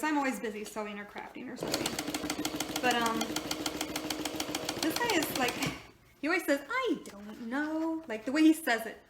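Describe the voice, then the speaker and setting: Rambling woman chatting in an echoey room. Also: a little high. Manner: rambling, chatty, self-deprecating. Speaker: sewing vlogger. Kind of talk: casual chat while sewing. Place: home sewing room. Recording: echoey room with background noise.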